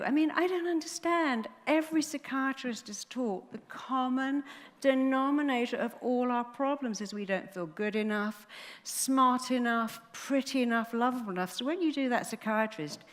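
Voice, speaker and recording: A middle-aged woman, a therapist telling a story on stage with animated delivery and acted-out quotes. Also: on the high side, moderate pace. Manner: animated, acts out quoted voices. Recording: long hall reverb.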